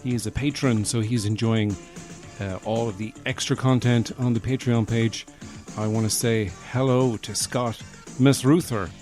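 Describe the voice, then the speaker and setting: A man hosting his own podcast, rambling through a deadpan comic monologue full of mock bragging and fillers. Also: medium pitch, normal speed, soft background music. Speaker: podcast host, comedian.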